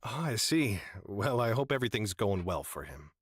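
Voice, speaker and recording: Actor as a friendly game delivery man, chatty and laughing, with a lively, bouncing delivery. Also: on the low side, normal speed, husky, no room sound.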